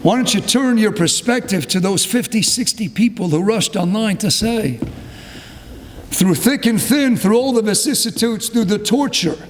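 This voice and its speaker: Man, rabbi, impassioned sermon, hushed then crying out, long hall echo. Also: expressive, moderate pace. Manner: impassioned, swings from low hush to fervent crying-out.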